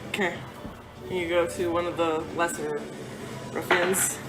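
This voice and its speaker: A woman narrating a tabletop game as game master, halting with fillers. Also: fairly low pitch, little pitch movement, low-quality recording. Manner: halting, filler-heavy, laughing often. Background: background music.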